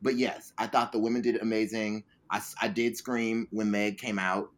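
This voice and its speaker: A man's voice: fairly low pitch, little pitch movement, normal speed. A man co-hosting a podcast, chatting casually with a profane, emphatic delivery. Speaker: podcast co-host. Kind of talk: casual chat.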